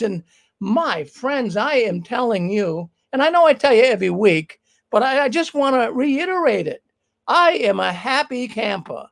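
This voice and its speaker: Gravelly-voiced man hosting a live news show. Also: high-pitched, poor audio. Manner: emphatic, talks straight to the viewers. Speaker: livestream news show host. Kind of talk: casual live commentary on news.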